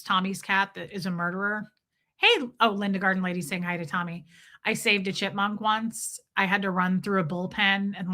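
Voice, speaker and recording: A woman's voice: medium pitch, bright, forceful tone. A woman hosting a livestream, telling rambling, jokey stories in a casual chat with viewers. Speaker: livestream host.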